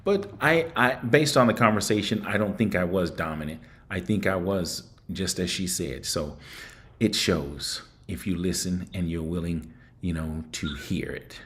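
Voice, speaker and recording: A man with a fairly low voice hosts a call-in show in a casual, chatty manner. He thinks aloud, turning his words over reflectively and often circling back to repeat himself. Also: unhurried, fairly bright tone. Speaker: show host.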